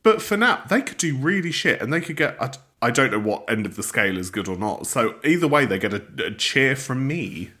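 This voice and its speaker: A man's voice: mid-range voice, very animated, a little fast, few pauses, pushed and bright. A young man co-hosting a podcast, chatting casually, blunt, wry and sweary. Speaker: podcast co-host. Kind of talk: casual chat.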